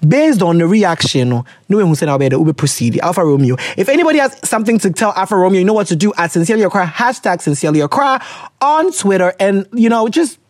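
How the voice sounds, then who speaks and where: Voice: mid-range voice, sing-song, quick pace, dry recording, studio quality. A podcast host with a Ghanaian accent, giving casual advice on listeners' letters and slipping Twi phrases into English.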